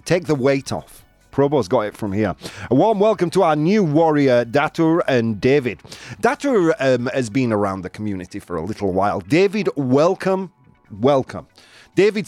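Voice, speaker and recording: A man's voice: medium pitch, a little mellow, dry recording. A man hosting a live show in casual chat, playful and laughing, mixing in Spanish phrases. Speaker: host of a live daily show. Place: studio in Madrid.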